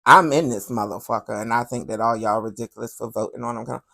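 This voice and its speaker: A husky, bass-voiced woman with vocal fry talks fast as she hosts a commentary podcast on current events. Her style is sassy and animated, and she keeps calling the listener "honey."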